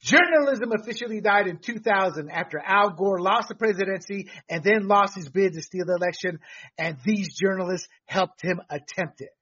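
A man's voice: high voice, normal speed, fairly bright tone, slightly rough, highs cut off. A man hosting a sports talk show, giving blunt, emphatic opinions with frequent fillers.

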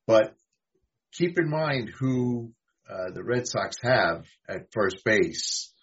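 A man's voice: medium pitch, lively intonation, slow, a bit bright, slightly rough. A man from New York, a guest who talks fantasy baseball in a hesitant way, full of ums and restarts. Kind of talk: casual sports chat. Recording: dull lo-fi sound.

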